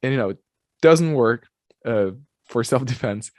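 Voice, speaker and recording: A man's voice: mid-range voice, expressive, measured pace, no echo. A man hosting an interview, asking questions and reflecting on his own experience. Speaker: interviewer, host.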